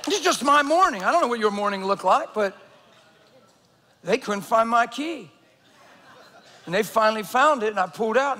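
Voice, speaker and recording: A man preaching a sermon to a church congregation, telling a story and swinging from loud to hushed. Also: high-pitched. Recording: long hall reverb.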